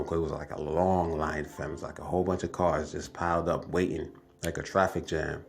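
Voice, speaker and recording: A man's voice: low-pitched, fast, darkish tone, faint music behind. A man telling viewers a story in casual talk. He rambles, repeats himself and calls his listeners family. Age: adult, has wife and kids. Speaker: vlogger telling a dream.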